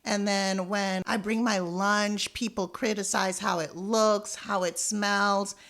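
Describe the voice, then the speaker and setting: A woman's voice: medium pitch, little pitch movement, slow pace, a bit bright. A middle-aged woman from Jamaica co-hosting a podcast, reminiscing and chiming in with agreement. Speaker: podcast co-host. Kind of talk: casual podcast chat.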